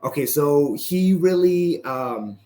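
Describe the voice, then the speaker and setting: Fairly high in pitch and slow-paced, the voice has a roomy sound. He's a Canadian martial arts instructor on a podcast, relaxed as he tells conversational stories and keeps ending sentences with "right?"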